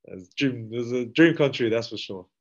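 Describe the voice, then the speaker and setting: A man with a New Zealand accent, a rugby player and podcast guest telling stories in a relaxed, slangy way that acts out the dialogue. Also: mid-range voice, moderate pace. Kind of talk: casual storytelling. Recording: dull lo-fi sound.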